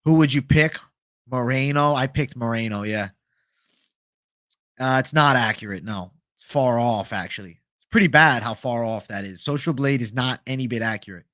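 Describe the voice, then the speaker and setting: A man's voice: mid-range voice, normal speed, fairly bright tone, no echo, studio quality. A young man casually chatting on a livestream, swearing freely and answering viewer comments. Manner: casual, profane, reads viewer comments aloud. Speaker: livestream host.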